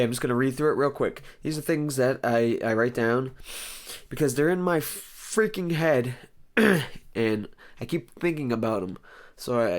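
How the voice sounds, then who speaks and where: A man with a hoarse, worn voice rambles through a comedic talk-show monologue in a sarcastic, deadpan way. His voice sits at a middle pitch, and he keeps stopping to clear his throat. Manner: sarcastic, rambling, deadpan jokes with mock outbursts. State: hoarse, lost voice. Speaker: host.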